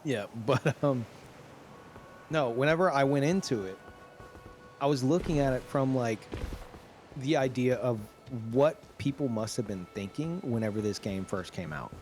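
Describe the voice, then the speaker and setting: A man's voice: mid-range voice, measured pace, a little mellow, faint music behind. A man in his thirties hosting a stream, chatting casually and animatedly, swearing freely. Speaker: streamer host. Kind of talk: casual chat.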